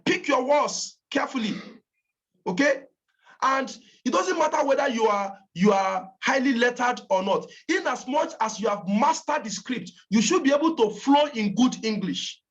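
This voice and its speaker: A woman's voice: fairly high pitch, animated, moderate pace. A woman with a Nigerian accent giving a motivational training talk to campaign callers, emphatic and repeating her points for stress. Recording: dull lo-fi recording.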